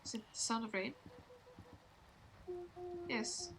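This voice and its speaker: A woman streamer reading game dialogue aloud, slow and deliberate, voicing each character in turn. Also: a little high, fairly even intonation, a crowd in the background. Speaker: VTuber streamer. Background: game music.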